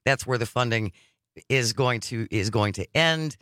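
A male radio host who reads the news with a wry, sarcastic edge. His voice is bright and forceful, and the studio sound is close and dry. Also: medium pitch, a little slow, no room sound. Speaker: radio talk show host. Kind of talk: political talk radio banter. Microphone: studio microphone.

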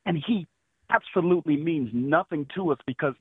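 A man's voice: on the high side, moderate pace, breathy edge, no room sound. Male caller on a tinny phone line. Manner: earnest, critical, restarts sentences. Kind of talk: phone call to a radio show.

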